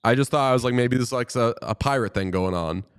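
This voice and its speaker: A man co-hosting a sports podcast in casual chat, animated and joking, swearing freely. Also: medium pitch, fast talker, clean tone. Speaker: podcast co-host.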